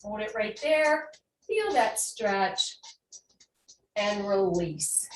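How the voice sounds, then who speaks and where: A woman instructor guiding an online fitness class with calm cues, then leading slow breath work and affirmations. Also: medium pitch, far from the mic. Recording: echoey room, voice from off-mic, faint hum.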